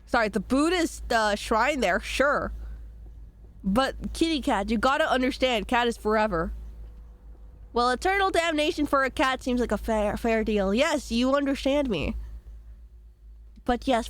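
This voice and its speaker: A woman streamer chatting playfully with her audience while playing a game, her voice slightly hoarse from a cold. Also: on the high side, fairly bright tone. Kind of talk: casual game-stream chat.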